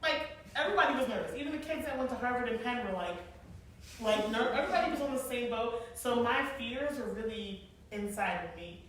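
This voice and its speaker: A woman in her forties telling stories to an audience in a casual, animated way, laughing often and using many fillers. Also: fairly high pitch, fairly quick. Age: 40s. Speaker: guest speaker, former event planner. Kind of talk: casual storytelling talk to an audience. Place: large echoey hall. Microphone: far from the mic. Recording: echoey hall, distant mic, faint noise.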